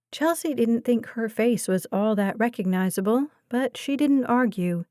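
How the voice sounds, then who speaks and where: A woman narrating a thriller audiobook in a measured, even storytelling manner, recorded in a booth. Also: on the high side, dry recording, studio quality. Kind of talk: scripted narration.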